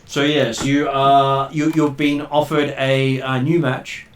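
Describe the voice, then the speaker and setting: A man's voice: medium pitch, level tone, takes it slowly, slight background noise. A man narrating as game master, hesitant, with many ums and uhs. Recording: roomy, distant mic.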